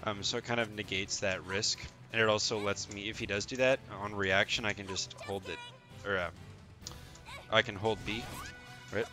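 A man giving a casual fighting game tutorial, explaining moves in a relaxed way with frequent "um" and "right?" asides. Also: fairly low pitch, normal speed, soft background music.

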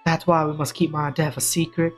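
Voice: mid-range voice, flat delivery, fairly quick, faint music behind, close to an everyday voice. Odessa, a streamer doing a Southern belle. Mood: solemn. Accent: put-on American Southern. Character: dying Southern belle rebel leader woman.

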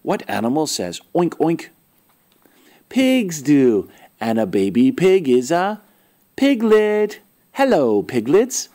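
Slow, lively man reading to kids. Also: medium pitch. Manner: asks the listeners questions, sounds out animal noises. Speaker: storyteller for children. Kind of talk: reading a picture book aloud to kids.

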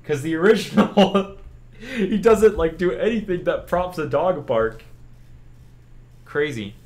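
This young man from Louisiana streams at a slow pace in a slightly high voice. He's loose and chatty with his viewers, rambling through answers to chat questions and using "like" constantly.

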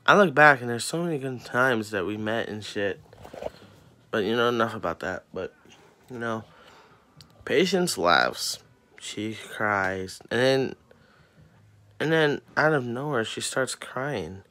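A teenage boy vents in a heated, profane rant, swearing at nearly every turn. His voice sits in a middle pitch and comes out bright and forceful, full of exasperation. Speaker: student venting on camera. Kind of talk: angry ranting vlog.

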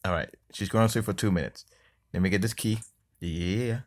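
Low-voiced man grumbling through a game. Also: normal speed. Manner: exasperated, grumbling and cursing at the game; taunts the game enemy mockingly. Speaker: mobile game player. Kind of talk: casual let's-play commentary. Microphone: phone screen-recorder mic.

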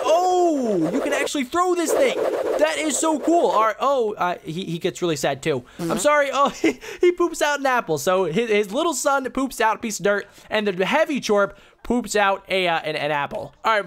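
A man hosting his own gaming channel, chatting excitedly through casual gameplay commentary with lots of "so, yeah" fillers. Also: very high voice.

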